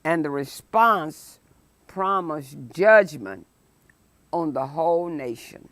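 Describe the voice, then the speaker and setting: A woman pastor with a low, animated, somewhat bright voice leads a midweek Bible study sermon, recorded without echo. She preaches emphatically, reads scripture with dramatic force, and stretches key phrases with deliberate stress.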